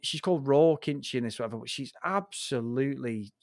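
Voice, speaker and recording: A man's voice: mid-range voice, fairly quick, a little mellow, no room sound. Guy, swears a lot, ranting film review chat, dry close sound. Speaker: film review podcast co-host. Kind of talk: casual chat.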